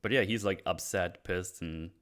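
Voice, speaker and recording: Low-voiced man recapping a show with swearing. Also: moderate pace. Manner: profane, excitable, acts out characters' lines. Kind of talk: casual chat recapping a TV episode.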